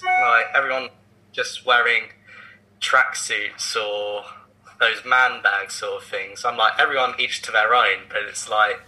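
A man's voice: on the low side, sharp tone, poor audio. A young man in a band co-hosting a podcast, chatting casually with lots of "like". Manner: casual, filler-heavy "like". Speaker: band member and podcast co-host.

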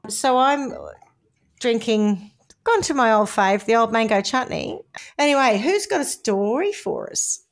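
A woman's voice: a little high, animated, unhurried. A middle-aged woman with an Australian accent, co-hosting a podcast in casual, chatty storytelling. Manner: chatty, acts out quoted voices with laughter. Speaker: podcast co-host.

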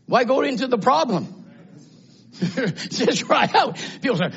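An older man preaching a fiery sermon, shouting at times and then dropping to low murmurs. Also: very animated, a little slow, creaky, long pauses, breathy edge. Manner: shouting, swinging from low murmurs to high cries. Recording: dull lo-fi sound.

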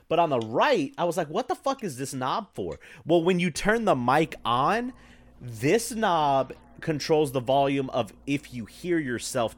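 A man co-hosting a casual podcast chat on a headset mic in an office, talking loosely with frequent swearing and laughs. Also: medium pitch. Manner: loose and profane, laughs often. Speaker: podcast co-host. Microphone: wireless headset.

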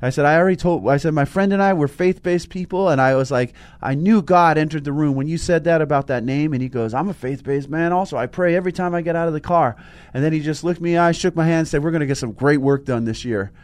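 A man's voice: on the high side, fast talker, no echo. A man co-hosting a casual spiritual talk show, telling stories with lots of restarts. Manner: animated storytelling, frequent restarts. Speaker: co-host.

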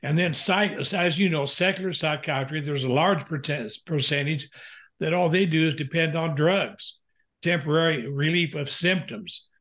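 Older male pastor-counselor guest, earnest and halting, slightly high voice. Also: a bit bright. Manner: earnest, halting with frequent uh fillers. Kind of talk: candid personal storytelling in a podcast interview.

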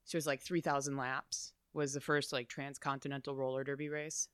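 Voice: mid-range voice, flat delivery, fairly quick, fairly bright tone, smooth, no echo, studio quality. A guest from Chicago telling stories in a casual interview, rambling with lots of "like" asides. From Chicago, USA. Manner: chatty, rambling, full of "like" asides.

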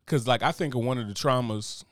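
A middle-aged man talking quickly and loosely in a casual chat. He tells his stories with energy and slips into the voices of the people he quotes. The sound is dry and close, with no room in it. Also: mid-range voice, no room sound. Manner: animated storytelling, acts out quoted voices.

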